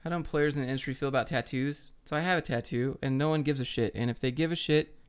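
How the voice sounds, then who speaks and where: A young man hosts a casual livestream, answering viewer questions in a blunt, joking, offhand way. His voice is smooth and clear at a middle pitch. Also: steady tone, fast. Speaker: livestream host.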